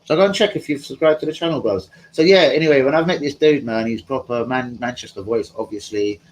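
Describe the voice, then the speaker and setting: A man's voice: mid-range voice, a little fast, slight background noise, low-quality recording. A man hosting a live stream from home, chatting casually in a rambling, slangy way and talking to his viewers. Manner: rambling, slangy, talks to chat.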